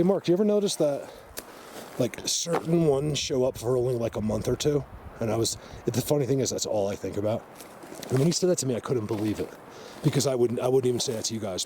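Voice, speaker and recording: A man filming an outdoor vlog, talking excitedly in a rambling way, stumbling over and repeating his words into a handheld camera mic. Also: mid-range voice. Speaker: outdoor vlogger. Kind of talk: walking vlog commentary. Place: outdoors in wild country. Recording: outdoor noise behind.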